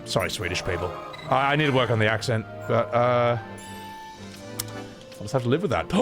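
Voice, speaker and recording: Excitable young man commentating a game. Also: medium pitch, moderate pace, pauses often, over music. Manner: excitable, laughing, self-mocking, swears. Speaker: streamer voicing game characters. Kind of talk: casual let's-play commentary.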